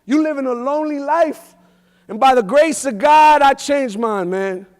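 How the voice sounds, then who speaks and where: Guy with a really high voice giving a big motivational keynote, repeats himself a lot, slangy, echoing around a big hall. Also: unhurried, a little mellow. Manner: emphatic and repetitive, street slang. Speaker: keynote speaker. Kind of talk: motivational speech with storytelling. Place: large event hall. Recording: echoey hall reverb.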